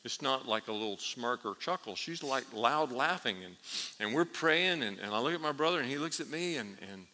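A man preaching a sermon, telling a story with lively animation and laughing at his own tale. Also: mid-range voice, a little fast. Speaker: pastor. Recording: reverberant hall.

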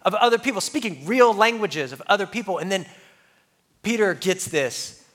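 A pastor, a man, telling a lively personal story in his sermon and laughing at himself, before reading scripture. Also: sits high, normal speed. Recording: long hall reverb.

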